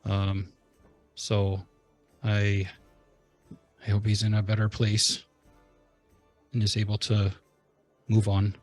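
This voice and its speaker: Slow, halting, earnest man. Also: fairly low pitch, completely flat delivery, soft background music. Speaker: player. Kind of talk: in-character eulogy.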